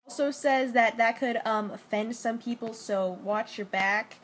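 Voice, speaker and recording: A woman's voice: fairly high pitch, unhurried, a little hiss or hum. A young adult woman chatting casually into her phone camera, rambling and joking with lots of "like". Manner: rambling, joking, heavy use of "like". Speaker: vlogger. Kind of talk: casual selfie-story chat.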